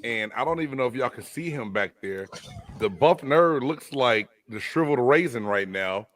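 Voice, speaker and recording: A man hosting a casual live sports chat, loud and joking with his co-hosts. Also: mid-range voice, expressive, normal speed. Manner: loud, hyped, joking banter. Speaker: host.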